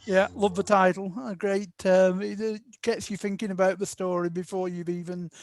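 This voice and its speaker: A man with a notably high voice hosts a relaxed book club conversation. He asks his guests friendly questions and tends to repeat words as he goes. The sound is close and dry. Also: moderate pace, dry recording. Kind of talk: casual chat.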